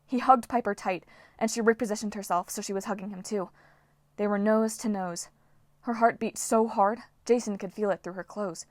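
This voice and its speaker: A woman reading a novel aloud as an audiobook narrator, with steady, dramatic storytelling. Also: mid-range voice, normal speed, dry recording, clean studio sound. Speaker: audiobook reader.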